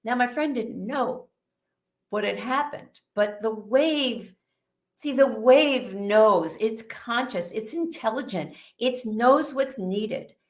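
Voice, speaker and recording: A woman guest, a bit under the weather, telling a vivid story in an animated way during an interview. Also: on the high side, slow.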